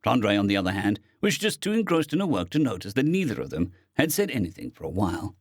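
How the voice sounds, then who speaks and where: A man narrating a science fiction story as an audiobook reader, expressive in delivery. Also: fairly low pitch, fast, few pauses, husky, no room sound, clean studio sound. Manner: expressive, with lively intonation.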